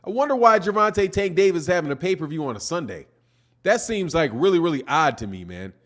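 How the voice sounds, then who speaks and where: A man's voice: on the high side, very animated, fast, a bit bright. Laid-back man hosting a live boxing stream. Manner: laid-back, rambling, peppers talk with "man". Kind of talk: casual live-stream chat, reading viewer comments.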